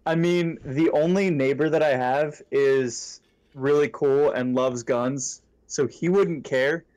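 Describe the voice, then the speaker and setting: A young man co-hosting a casual podcast, playful and teasing, quick to jump into the conversation. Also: fairly high pitch, a little mellow. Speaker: podcast co-host.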